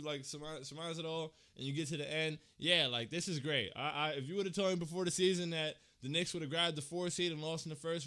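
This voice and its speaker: Choked-up young man, smooth voice. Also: on the high side, pushed and bright. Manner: emotional, slangy, repeats himself. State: holding back tears. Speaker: fan channel host. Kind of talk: casual livestream talk.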